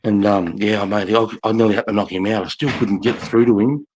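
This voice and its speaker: A man's voice: fairly low pitch, brisk, darkish tone, slight background noise, low-quality recording. A man, telling a rambling story in casual livestream chat, swearing often and saying mate and bro.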